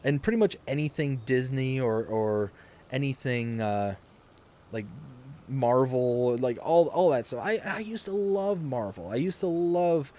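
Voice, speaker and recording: A man chats to his live-stream audience from a home office while he plays a farming game. His voice sits at an ordinary middle pitch. He rambles in a jokey way and chuckles often, the easy talk of a regular host. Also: animated, a little slow, dark tone. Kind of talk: casual chat while gaming.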